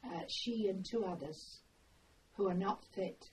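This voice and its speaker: Older lady slowly telling old memories, soft mellow voice, mic a bit far off, faint hiss. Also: mid-range voice. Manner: unhurried, meandering storytelling with pauses. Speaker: interviewee. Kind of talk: oral history reminiscence. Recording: distant mic, faint background noise.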